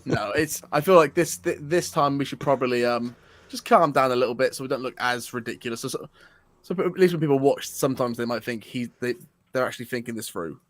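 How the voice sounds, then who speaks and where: A man's voice: mid-range voice, a little fast, no room sound. An English man co-hosting a football fan live stream, teasing his partner and often restarting his sentences. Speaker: co-host of a football fan show. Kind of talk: casual live-stream chat.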